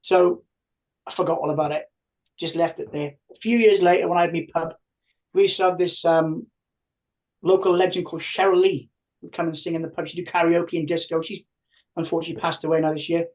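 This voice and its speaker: A man in his fifties tells stories on a podcast. He talks in an animated way and acts out voices from his past. The sound is muffled and lo-fi. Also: on the high side, fairly quick, distant mic. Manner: animated, acts out quoted dialogue. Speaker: podcast guest, tribute band singer. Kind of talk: casual storytelling. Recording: muffled lo-fi audio.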